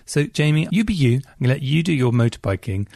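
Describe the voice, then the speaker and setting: A man co-hosting a podcast, reading listener emails in a casual chat with a playful, expressive manner. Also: medium pitch, fast talker, vocal fry, no echo, clean studio sound. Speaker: podcast co-host.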